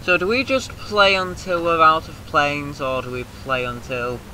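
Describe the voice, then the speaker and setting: A British man hosting a let's-play, chattering loosely and breaking into loud rallying shouts and cheerful swearing. His voice is very bright and sharp, a little mucousy in the throat, with a faint hiss behind it. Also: on the high side, moderate pace, low-quality recording. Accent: British English. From Britain. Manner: excitable, profane, shouts rallying cries. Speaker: gaming video host. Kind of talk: casual let's-play commentary.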